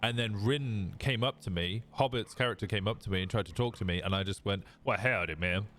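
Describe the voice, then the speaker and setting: A young Englishman talks loosely to his stream chat, wandering through his explanation with fillers, laughs and quick swears. His voice sits fairly low for a man. A faint hum of background noise runs under the talk. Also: a bit bright. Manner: rambling and self-mocking, laughing often and swearing. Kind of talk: casual live-stream chat while gaming.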